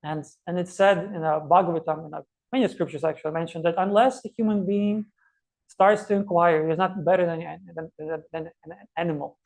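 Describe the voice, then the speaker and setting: A man teaching a scripture class, telling stories and explaining verses with many pauses and restarts. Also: fairly high pitch, steady tone. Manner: storytelling, many fillers and restarts.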